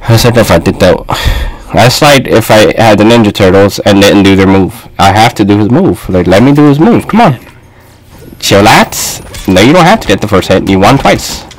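Excitable man yelling over a fighting game. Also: lowish voice, normal speed, rough recording. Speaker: gaming video host. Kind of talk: live gameplay commentary.

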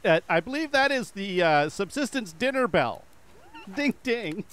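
A man's voice: high-pitched, very animated, normal speed, a crowd in the background. A man in a casual co-op gaming chat, teasing his friends, exclaiming and giggling often. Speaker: game player.

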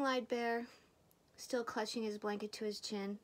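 An older woman reading a picture book aloud, expressive and dropping into soft whispers. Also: on the high side, unhurried. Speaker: storybook reader.

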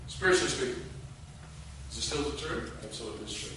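Chatty pastor in an echoey church. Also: male voice, medium pitch, lively intonation, fast, long pauses, fairly bright tone, distant mic, a little hiss or hum. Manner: conversational storytelling, asks the congregation questions. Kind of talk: sermon. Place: church sanctuary. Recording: echoey church room, voice from off mic.

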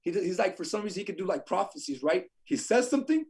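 A man tells stories at a rapid clip in a slightly husky, fairly high voice. He swings between hushed, somber stretches and loud, emphatic bursts. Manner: fast, emphatic, swings between quiet sorrow and loud energy. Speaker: podcast guest, insurance agent. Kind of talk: animated storytelling.

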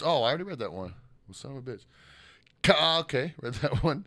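A man's voice: on the high side, expressive, quick pace, pushed and bright, dry recording, clean studio sound. An American man co-hosting a podcast, rambling and swearing while reading out listener comments. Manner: profane, rambling, laughs a lot. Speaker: podcast co-host.

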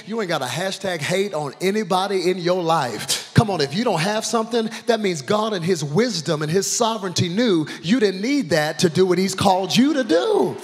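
A man preaching an energetic sermon as pastor, with shouted lines and call-and-response. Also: high voice. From Texas. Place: large church hall. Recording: reverberant church hall.

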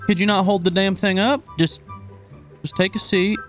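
A man's voice: high voice, fairly even intonation, moderate pace, faint music behind. A man roleplaying in a game, talking casually with heavy swearing and mock outrage. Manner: profane, mock-outraged, joking. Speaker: roleplay streamer.

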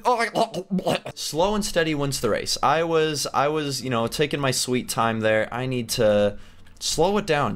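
A young man hosting a gaming channel, excitably commenting as he plays, yelping and laughing at close calls. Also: mid-range voice. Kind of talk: playing a game with commentary.

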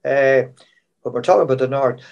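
On a muffled recording, a brisk, mid-range male voice with vocal fry rambles through anecdotes. He's an older Irish man and ex-showband player sharing memories of his touring years on an online panel.

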